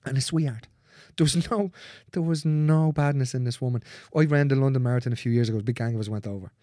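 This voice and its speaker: A man speaking as a guest in a candid conversation, earnest and repetitive, swearing freely and dropping into soft, near-whispered phrases. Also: mid-range voice, fast, no echo, studio quality.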